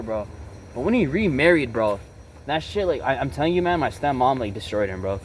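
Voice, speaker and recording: A man's voice: medium pitch, very animated, moderate pace, pauses often. A young man with a mid-range voice, talking bluntly and casually in a confessional tone. He peppers nearly every sentence with "bro" and "right?" and swears freely. Faint traffic and street noise sit behind him outdoors. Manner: blunt and emotionally charged. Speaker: vlogger. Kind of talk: confessional storytelling.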